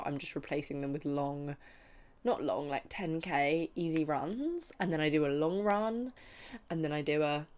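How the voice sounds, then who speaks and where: A young woman hosting a casual chat podcast, blunt and animated as she rants with slang, chatty after a boozy brunch. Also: deep voice. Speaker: podcast host.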